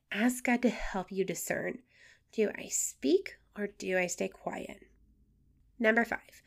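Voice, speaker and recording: A woman's voice: mid-range voice, gravelly. A woman hosting a faith-based podcast, talking in a friendly, earnest way, her voice nasal from a cold. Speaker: podcast host.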